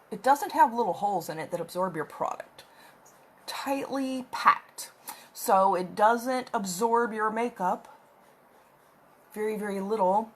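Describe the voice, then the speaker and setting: A woman's voice: medium pitch, a bit bright, slight background noise. Woman, casual makeup tutorial, rambling and chatty, at home, phone recording. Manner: rambling, chatty, talks while applying makeup. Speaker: makeup vlogger. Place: at home with her cat. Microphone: phone camera.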